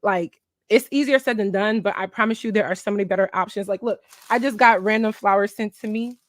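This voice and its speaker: A woman's voice: mid-range voice, fairly quick, dry recording. A woman in her twenties from Philadelphia chatting frankly to camera, giving advice with lots of "um" and "like". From Philadelphia, USA. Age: 20s. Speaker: vlogger. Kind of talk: casual advice chat.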